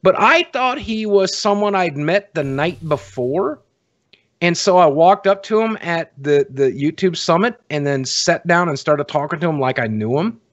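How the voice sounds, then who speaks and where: A man's voice: on the high side, lively intonation, normal speed, no room sound, dull audio. Rambling man telling stories, dry sound. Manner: self-deprecating, rambling storyteller. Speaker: guest panelist. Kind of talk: casual podcast chat.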